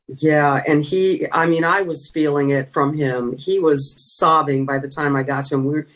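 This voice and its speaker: A woman's voice: deep voice, fairly even intonation, moderate pace. Earnest middle-aged woman recounting a story. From California. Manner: earnest storytelling, trailing restarts. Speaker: guest, former sideline reporter. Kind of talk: emotional reflective interview talk.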